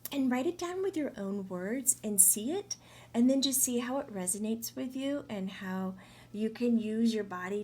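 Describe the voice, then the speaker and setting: A woman talking through a monthly spiritual energy update in a chatty, animated way, often acting out inner voices. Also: mid-range voice, slight background noise. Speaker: medium.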